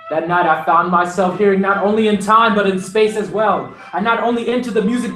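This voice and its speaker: High-voiced young man reciting dramatically. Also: brisk. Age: young adult. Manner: intense, dramatic phrasing with sharp swings in pace. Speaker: competition performer. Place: large room at a speech competition. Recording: roomy hall, mic from far off.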